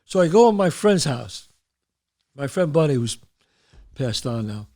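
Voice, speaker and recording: A man from the Bronx, hosting a show and telling stories, animated and acting out voices. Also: fairly high pitch, measured pace. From the Bronx, New York. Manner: animated, acts out voices, trails off mid-sentence. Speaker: host. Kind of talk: storytelling.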